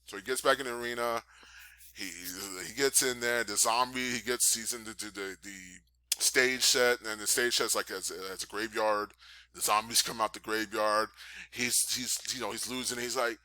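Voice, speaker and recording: Lively man recapping with bright, dry sound. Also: normal speed, no echo. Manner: animated storyteller, acts out scenes with high-pitched yelps. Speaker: podcast host reviewing wrestling. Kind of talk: casual recap and commentary.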